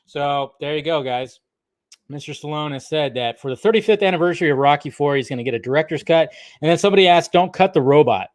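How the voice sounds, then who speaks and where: A man's voice: on the high side, fast talker, dry recording, clean studio sound. Rambling, profane movie-news man. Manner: rambling, loose and profane, with many restarts. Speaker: movie news channel host. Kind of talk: casual video commentary.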